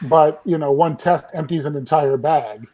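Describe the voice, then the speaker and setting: A man's voice: a little high, normal speed, a crowd in the background, rough recording. A man, a film still photographer, telling behind-the-scenes stories in a casual group chat and acting out what people said. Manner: animated storyteller, acts out quotes.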